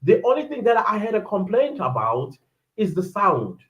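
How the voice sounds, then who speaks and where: A man's voice: high voice, wildly swooping pitch, normal speed, a bit bright, dull audio. A South African man doing casual live-stream commentary, chatting and reading viewer comments aloud as he reacts.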